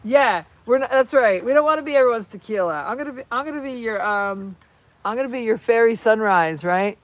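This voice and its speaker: A woman's voice: on the high side, lively intonation, a little fast. A woman on a casual livestream, rambling and playful as she talks to her viewers on her phone. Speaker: vlogger. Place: outdoors at a horse barn. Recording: loud background noise outdoors.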